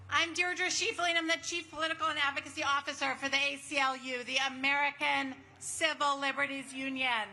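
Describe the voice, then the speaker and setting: Bright, high-voiced woman addressing a rally. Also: a little hiss or hum. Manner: enthusiastic and warm toward the crowd. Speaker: civil liberties advocate. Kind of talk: rally speech. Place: outdoor protest rally.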